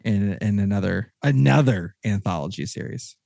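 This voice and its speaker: A man hosting a casual podcast chat with a Texan accent, rambling and excitable, with many restarts. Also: lowish voice, normal speed, creaky, no room sound, studio quality. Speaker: podcast host.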